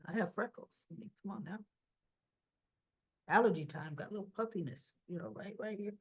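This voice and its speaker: A woman's voice: mid-range voice, a little fast, slightly rough, lo-fi sound. A woman casually recapping a soap opera episode, acting out the characters' lines with chatty asides to her viewers. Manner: chatty, retells scenes by voicing the characters' lines.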